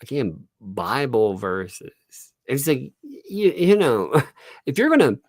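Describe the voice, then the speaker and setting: A man's voice: mid-range voice, sing-song, slow, no room sound, clean studio sound. A man hosting a casual livestream, chatting loosely and laughing often between phrases. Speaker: livestream host. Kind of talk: casual live commentary. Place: home.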